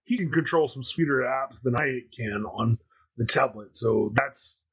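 A man's voice: mid-range voice, a little slow, crowd noise. A man in his thirties hosting a podcast, telling a rambling story in casual chat with plenty of fillers. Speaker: podcast host.

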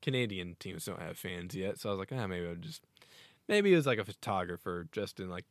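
Excitable rambling man, low dry voice. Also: a little fast, no echo. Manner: excitable, rambling, laughs often. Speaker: podcast co-host. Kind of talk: casual sports chat.

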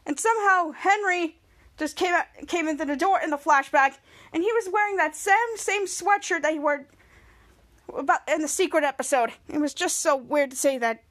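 High-voiced woman rambling through a recap. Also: normal speed, fairly bright tone. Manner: rambling, filler-heavy retelling. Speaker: podcast host. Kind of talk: episode recap.

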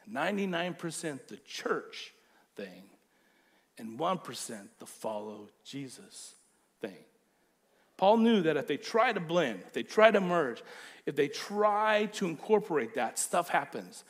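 Animated male preacher with a higher voice. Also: unhurried. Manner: animated, emphatic preaching that acts out quotes. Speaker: pastor. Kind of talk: sermon.

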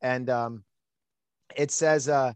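A man's voice: mid-range voice, fairly even intonation, slow pace, clean tone, no room sound. A man hosting a podcast, telling a personal story in an outgoing, chatty way with plenty of fillers. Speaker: podcast host. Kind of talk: casual storytelling chat.

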